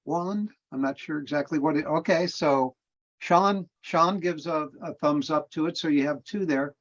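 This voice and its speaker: A man's voice: a little high, normal speed. A man leading a support group on a video call, encouraging and thanking the members. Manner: encouraging, appreciative. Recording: dull lo-fi call audio.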